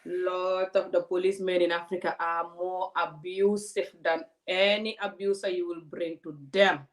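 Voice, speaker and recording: A woman, a vlogger giving animated, indignant commentary to her audience. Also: on the low side, normal speed, poor audio. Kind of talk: casual commentary to a live audience.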